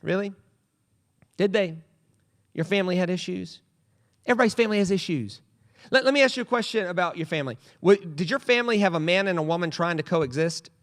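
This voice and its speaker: Animated, bright-voiced male pastor. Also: high voice, fast talker, pauses often. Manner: animated storytelling with comic voices. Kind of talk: humorous sermon. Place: church sanctuary.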